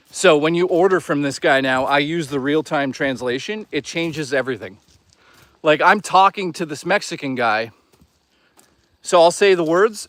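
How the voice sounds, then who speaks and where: A man's voice: a little high, fairly bright tone, no echo. A young man live-streaming as he walks outdoors in the woods, chatting in a crude, rambling, joking way. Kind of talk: casual live-stream chat while walking.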